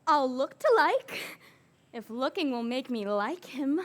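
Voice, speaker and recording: A woman's voice: high-pitched, expressive, a little slow. A woman playing a polite, demure young noble girl in an outdoor Shakespeare performance. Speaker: stage actor. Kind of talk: outdoor Shakespeare stage acting.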